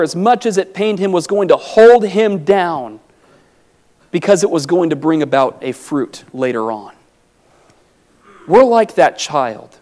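Man, preacher, sermon, high voice, earnest, emphatic swells, soft low reflections. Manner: earnest, rising to emphatic peaks.

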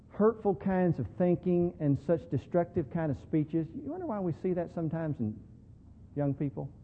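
A man preaching a sermon, moving between quiet talk and loud, slow emphasis on key words. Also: high voice, slight background noise. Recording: tinny phone-like sound in a reverberant hall.

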